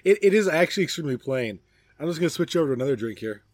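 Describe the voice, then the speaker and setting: A man's voice: on the high side, expressive, rapid-fire, no room sound. Rambling middle-aged man, dry sound. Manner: rambling, joking, trails off. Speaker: podcast co-host. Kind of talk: casual chat. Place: outdoors at a backyard gathering.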